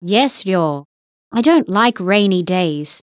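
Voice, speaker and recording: A woman voicing a schoolgirl in a slow, clearly enunciated listening-test dialogue. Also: medium pitch, lively intonation, no room sound, studio quality. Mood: friendly. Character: schoolgirl Ellen in a textbook dialogue.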